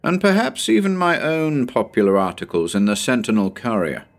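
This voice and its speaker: A man voicing a cranky elderly male professor with a squeaky voice and a severe, scornful manner. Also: normal speed, lightly acted. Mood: dry. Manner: severe, contemptuous, excitable.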